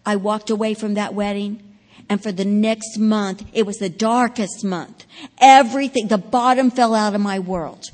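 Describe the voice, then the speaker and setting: A woman giving a sermon testimony, telling her story with drama and growing loud at the key points. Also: mid-range voice, fairly even intonation, normal speed, big-room sound. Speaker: preacher.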